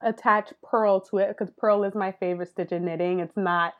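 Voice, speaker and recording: A woman's voice: medium pitch, fairly even intonation, moderate pace, lo-fi sound. A woman guest in a casual interview, chatting about her knitting business with frequent laughs and fillers. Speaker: guest, knitwear maker.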